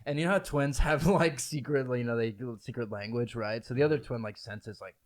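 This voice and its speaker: A man's voice: mid-range voice, a little fast. A young man hosting a casual podcast chat, laughing as he tells stories and acting out the people in them. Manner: laughs through stories, acts out quoted voices. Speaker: podcast host.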